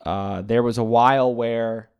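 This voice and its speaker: A man's voice: mid-range voice, steady tone, measured pace, clear, resonant tone, highs cut off. Rambling man recapping a movie. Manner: rambling, hesitant, lots of fillers and restarts. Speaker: movie reviewer. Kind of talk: casual spoken movie recap.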